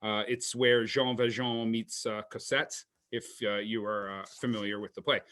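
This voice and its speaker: A man's voice: lowish voice, fairly even intonation, moderate pace, a bit bright. A man co-hosting a movie podcast in loose, casual talk, swearing freely and leaning on fillers as he recaps a film. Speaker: podcast co-host.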